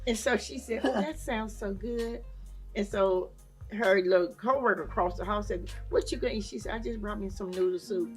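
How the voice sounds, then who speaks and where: A woman's voice: mid-range voice, moderate pace, a little mellow, soft background music. A woman on a talk show panel, telling a story in a casual way and acting out what people said. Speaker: panel guest.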